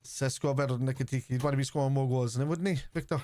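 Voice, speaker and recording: Rapid-fire and steady in tone, a medium-pitched Scouse man streams a live football watchalong. He reacts to the action, bluntly argues with chat, swears freely and hollers players' names.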